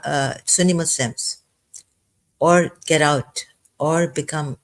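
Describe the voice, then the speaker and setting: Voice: mid-range voice, fairly even intonation, unhurried. A vlogger in their fifties, rambling and tearful, breaking off with fillers and apologies. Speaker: video blogger. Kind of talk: rambling emotional commentary.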